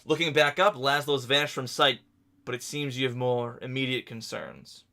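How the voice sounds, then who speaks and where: A man narrating a tabletop game as game master, telling the scene in a halting, descriptive way. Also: medium pitch, fairly even intonation, gravelly, sharp tone.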